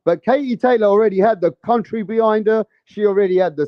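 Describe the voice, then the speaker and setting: A man's voice: sits high, fast, dry recording, dull audio. A man giving casual vlog commentary on boxing, with a brash, profane, heated ranting manner.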